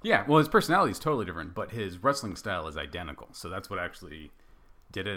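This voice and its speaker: A man's voice: deep voice, very animated, fast talker, pushed and bright. A man co-hosting a casual wrestling podcast, telling stories in a playful, self-mocking way. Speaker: podcast co-host.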